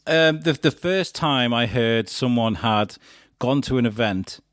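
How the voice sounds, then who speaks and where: Chatty podcast host telling stories. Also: male voice, mid-range voice, lively intonation, measured pace, a bit bright, no echo, studio quality. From England. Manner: chatty storyteller, acts out quotes, many fillers and restarts. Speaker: podcast host being interviewed. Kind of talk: casual podcast chat.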